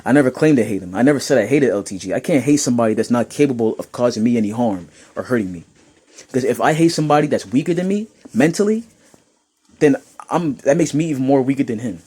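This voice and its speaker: A young New York man with a mid-range, slightly rough voice talks fast as he reads comments aloud and mocks them. His commentary is casual and full of laughter, breaking into animated rants.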